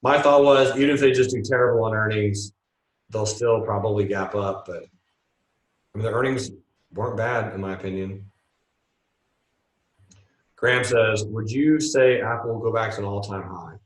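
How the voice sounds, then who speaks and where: A man's voice: on the low side, normal speed, long pauses. Laid-back guy going over stock charts, jokey, sounds far from the mic in an echoey room. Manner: chatty, joking, reads viewer questions aloud. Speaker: stock trading show host. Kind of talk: casual livestream market commentary.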